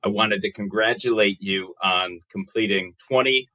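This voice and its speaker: An American man in his late thirties, a guest on a casual podcast. His voice sits a little low but rings bright and forward, and he delivers dry, self-mocking jokes with a playful edge. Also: moderate pace, rough recording. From United States. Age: 30s.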